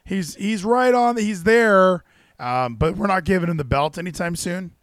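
A young man chatting casually on a podcast, excitable and rambling, with frequent swearing. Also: high voice, moderate pace, no echo, clean studio sound. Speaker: podcast host.

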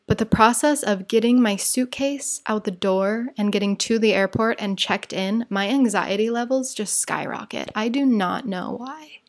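A woman telling a travel story in a chatty, rambling way, acting out the quotes. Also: mid-range voice. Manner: chatty, digressive, acts out quotes. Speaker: vlogger. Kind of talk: casual storytime.

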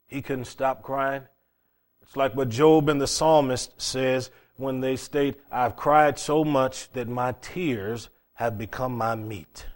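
A man preaching a sermon as pastor, dramatic, swinging between loud declarations and hushed asides, asking the congregation rhetorical questions. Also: mid-range voice.

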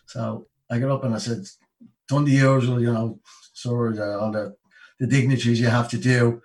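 Irish guy in his 50s, chatty storyteller doing all the voices, lots of you know, mid pitch. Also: normal speed, far from the mic, rough recording. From Ireland. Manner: lively anecdote-telling, acts out the people he quotes, many "you know"s. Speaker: guest. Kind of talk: casual storytelling.

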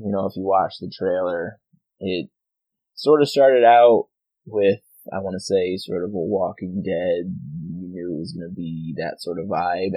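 Really deep voiced guy talking slow about games, winging it, dry muffled mic. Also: breathy edge, dry recording. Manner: loose and improvised, leans on hedging fillers. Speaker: podcast co-host. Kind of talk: casual game discussion chat. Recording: slightly dull, dry lo-fi recording.

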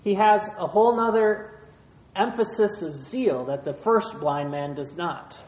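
A pastor preaching a sermon in short, measured phrases, retelling a scripture passage. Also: medium pitch, animated, darkish tone. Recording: roomy echo.

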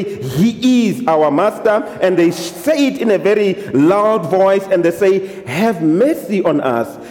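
A man's voice: high-pitched, darkish tone. A man preaching a sermon as pastor, switching between English and local languages and punctuating his points with amens. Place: church hall. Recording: echoey hall.

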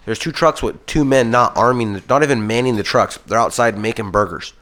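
A young man co-hosting a casual podcast launches into a heated, rambling story packed with swearing. His mid-range voice is brisk and a bit bright.

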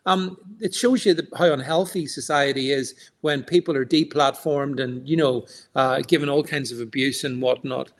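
A man's voice: mid-range voice, fairly even intonation, normal speed, hardly any pauses. A man co-hosting an online stream, talking emphatically with many stammered restarts. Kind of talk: casual political chat.

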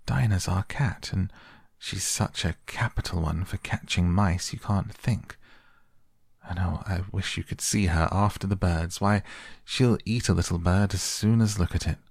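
A man voicing Alice, a polite, eager young girl in a storybook reading, gently pleading. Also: low-pitched, measured pace, creaky, breathy edge, dry recording, clean studio sound, exaggerated voice.

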